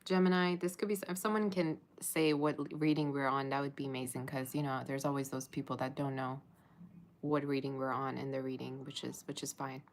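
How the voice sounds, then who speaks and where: A woman's voice: very deep voice, flat delivery, a little fast. A woman giving a casual tarot reading to camera, chatty and laughing often as she talks to viewers. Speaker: tarot reader.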